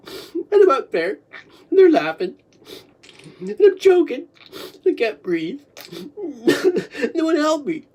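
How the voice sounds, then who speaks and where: A woman reliving a memory aloud, halting and repetitive, coughing between phrases and swinging between laughing and crying. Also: high voice, big pitch swings.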